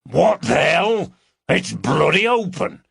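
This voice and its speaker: Man doing a bulky coarse guy, slow and mocking, lively up and down voice. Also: a little high, vocal fry, husky, dry recording, studio quality, voice pushed up, heavily acted. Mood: leering. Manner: slow, crude, mocking drawl. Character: bulky coarse Yorkshire man, leering and blunt.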